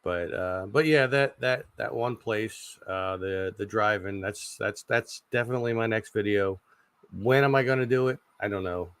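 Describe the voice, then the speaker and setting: A man in his forties hosting a casual livestream chat, rambling and halting with lots of fillers and repeated words. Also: on the low side, fairly bright tone, smooth, no echo. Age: 40s. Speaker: channel host.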